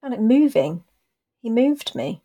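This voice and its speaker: A woman co-hosting a podcast in casual chat, talking through a TV episode in thoughtful, drawn-out explanations with a dry, self-deprecating humor. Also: on the high side, very animated, mellow. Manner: thoughtful, explains her views at length. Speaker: podcast co-host.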